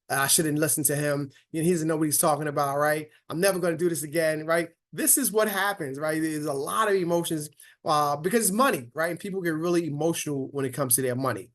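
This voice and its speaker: Guy coaching beginner investors over a video meeting, upbeat, kinda high voice, lots of "right?". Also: fairly bright tone. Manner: upbeat, talks to listeners with frequent "right?". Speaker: financial coach hosting an investing session. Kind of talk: casual online investing lesson.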